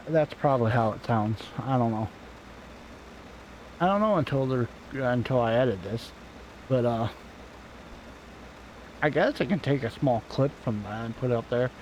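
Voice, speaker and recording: A man's voice: mid-range voice, moderate pace, pauses often, darkish tone, slight background noise, poor audio. A man giving casual, rambling commentary over a farming game, offhand and self-deprecating, swearing now and then. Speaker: gaming channel host. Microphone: desk microphone at home.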